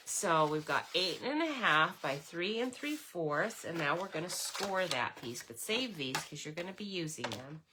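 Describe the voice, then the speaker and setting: A woman's voice: on the low side, very noisy. A woman casually chatting through a papercraft tutorial, rambling with lots of ums and self-corrections. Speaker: papercraft demonstrator.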